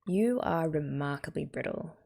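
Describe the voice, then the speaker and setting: An Australian woman reading the lines of a stern older male teacher of gem people in a flat, measured lecturing tone. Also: deep voice, creaky, breathy edge, heavily acted.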